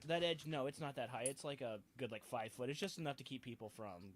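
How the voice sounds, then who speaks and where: A man running a tabletop role-playing game as game master, talking in a halting way with many fillers and restarts. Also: mid-range voice, crowd noise.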